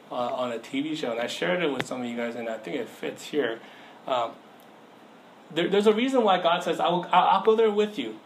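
A man's voice: a little high, rough recording. A young man giving a casual sermon as a youth pastor, telling a story and acting out the voices in it. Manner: conversational storytelling, acts out voices in anecdotes. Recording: faint background noise.

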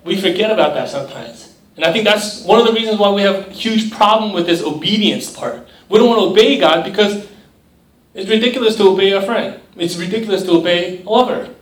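A man's voice: high-pitched, a little fast. A young man preaching a conversational sermon to a youth group, often checking in with "right?" and briefly mimicking other voices. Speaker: youth pastor. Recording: echoey room, mic at a distance.

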